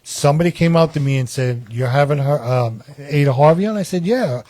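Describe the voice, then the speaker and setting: A man hosts a relaxed chat show from a small studio, circling back and repeating himself as he talks. His voice sits a touch high and sounds close and dry, with almost no room around it. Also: a little fast, no room sound. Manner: talkative, repeats himself and restarts often. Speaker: talk show host.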